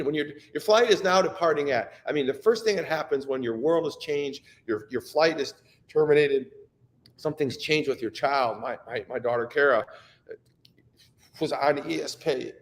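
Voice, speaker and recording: A man's voice: mid-range voice, in a large hall. A middle-aged man giving an earnest, emotional motivational talk, often repeating himself and restarting his sentences. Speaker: speaker sharing personal stories.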